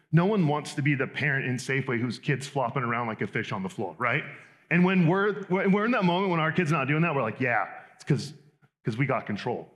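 A man preaching a sermon in a conversational, animated way with quick asides. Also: on the high side. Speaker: pastor.

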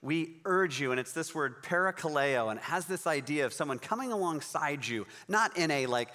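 A man's voice: on the high side, animated, moderate pace, few pauses, sharp tone, big-room sound. A man preaching a sermon in a conversational, encouraging way, reading scripture and explaining it. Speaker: pastor.

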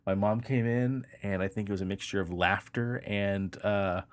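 A man's voice: on the low side, moderate pace, no echo. A man co-hosting a casual paranormal podcast, telling stories with lots of swearing. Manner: profane, animated storyteller. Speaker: podcast co-host. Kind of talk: casual storytelling chat.

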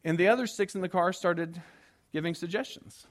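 A man preaches in a high, lively voice, spinning a self-deprecating story for his congregation. He acts out his own frantic moments and jokes with the people in the pews. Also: normal speed. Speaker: pastor. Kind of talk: storytelling sermon.

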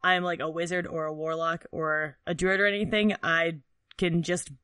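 A tabletop game player who is excitable, swearing and blurting out reactions. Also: medium pitch, moderate pace, dry recording, studio quality. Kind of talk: casual tabletop game play.

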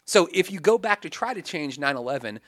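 A young man on a podcast, telling a story in casual chat, animated and swearing freely. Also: a little high, brisk, dry recording, clean studio sound. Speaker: podcast regular.

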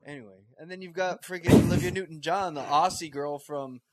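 A man's voice: fairly high pitch, brisk, a bit bright, dry recording. Joking, argumentative man on a podcast. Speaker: podcast co-host. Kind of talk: casual chat.

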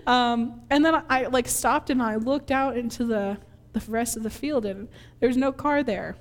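A woman's voice: on the high side, moderate pace, big-room sound. A woman from Minnesota giving a conversational sermon, telling a funny childhood story with lots of laughter and acted-out moments. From Minnesota, USA. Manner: animated storyteller, laughs often, acts out scenes. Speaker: preacher.

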